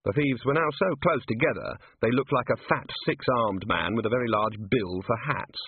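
A man reading a story aloud as scripted narration, dry and even. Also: medium pitch, moderate pace, breathy edge, dry recording. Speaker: audiobook reader. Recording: dry, tinny phone-like sound.

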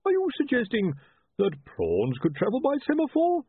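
A man reading aloud plays a blustering older chief priest, pitched well above his own voice and blurting his words out. The voice is husky and comes through a thin, phone-like line. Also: moderate pace, no echo, heavily acted. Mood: puzzled. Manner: excitable, blurting.

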